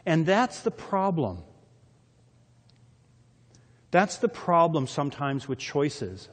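A male pastor gives a sermon in a slightly high voice, moving from loud, punchy lines to quiet, intense ones as he reads and explains scripture. The sound carries a long echo, as if in a church hall. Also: sing-song, takes it slowly, long pauses. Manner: dramatic scripture reading with lots of shifts in loudness.

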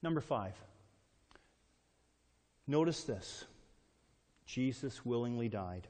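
A man's voice: on the high side, expressive, measured pace. A man preaching a sermon with emphatic delivery, reading scripture aloud and putting questions to the congregation. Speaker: pastor. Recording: long hall reverb.

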